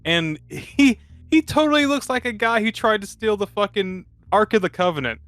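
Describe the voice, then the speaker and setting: Crude joking podcast guy, higher voice. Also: animated, normal speed, fairly bright tone, no room sound. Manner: crude, joking, laughs often. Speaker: podcast co-host. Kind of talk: casual movie recap chat.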